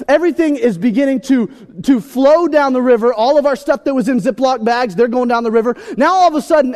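A male pastor with a high, lively voice, joking his way through a sermon story in a chatty, self-mocking tone. His words ring out in a large church hall with a long, lingering reverb. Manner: animated, conversational, self-deprecating.

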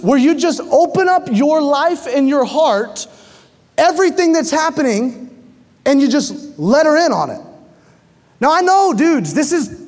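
A man in his thirties preaching a sermon, telling stories with lots of animation, getting loud when excited and dropping low for emphasis. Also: big-room sound. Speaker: pastor.

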